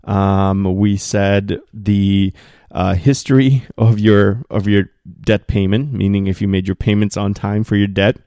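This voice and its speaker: A man's voice: fairly low pitch, unhurried, smooth, dry recording, studio quality. A man hosting a solo podcast from a spare room at home, talking loosely with lots of fillers and getting worked up as he goes. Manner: animated, gets worked up, many fillers. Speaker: podcast host.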